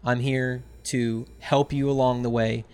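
A man who works as a fishing guide, telling a story in casual chat and acting out the quotes with big jumps up in pitch. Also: little pitch movement, measured pace, a little mellow, clear, resonant tone.

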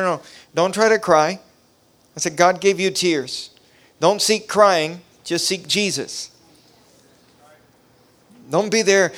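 Male pastor, revival preacher; smooth voice, impassioned delivery that climbs in intensity. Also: on the high side. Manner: impassioned, rising to near shouting; preacherly cadence with repetition. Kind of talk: revival sermon testimony.

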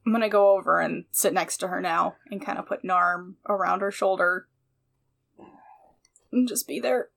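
A woman player in a tabletop game who talks casually and haltingly. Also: lowish voice, gravelly, a bit bright.

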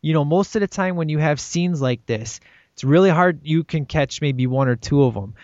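A man's voice: fairly high pitch, normal speed, darkish tone, dry recording. A man chatting casually about a film he loves, enthusiastic and rambling, often tacking "man" onto his sentences. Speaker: podcast co-host discussing a film. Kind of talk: casual chat. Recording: dull dry lo-fi recording.

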